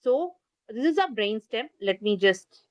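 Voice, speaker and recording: A woman's slightly high voice, with lively intonation and a measured pace, leads an online parenting class over a video call. She has an Indian English accent, explains with gestures, and asks listeners to type in the chat. The muffled, lo-fi audio has no echo.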